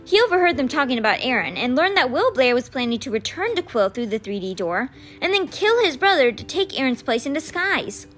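A woman reads a children's novel aloud, recapping and then narrating chapter by chapter. Her voice is fairly high and very lively in pitch, with an expressive storyteller's delivery. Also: fairly quick, hardly any pauses, faint music behind. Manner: expressive, animated.

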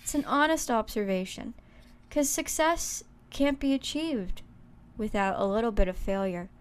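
A young woman with a fairly high voice co-hosts a comedy podcast. She plays a mock game-show quizmaster, dry and teasing. Her tone is deadpan and playful. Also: moderate pace, smooth. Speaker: podcast co-host running a quote quiz.

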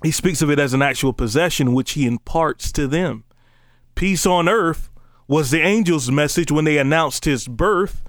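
A man preaching a casual, conversational sermon, joking between slow, emphatic scripture readings. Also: fairly high pitch, dry recording, studio quality.

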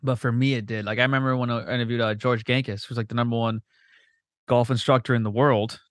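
A man hosting a podcast who talks fast and tells stories full of swearing, acting out other people's lines in exaggerated voices. His voice is close and dry, with almost no room sound. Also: mid-range voice, no room sound. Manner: profane, animated, quick storytelling with voiced quotes. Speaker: podcast host. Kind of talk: casual chat.

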